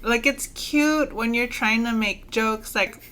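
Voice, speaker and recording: Bright-voiced woman co-host. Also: fairly high pitch, takes it slowly. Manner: attentive listener with frequent soft affirmations. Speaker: podcast co-host. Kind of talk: casual chat and read recommendation.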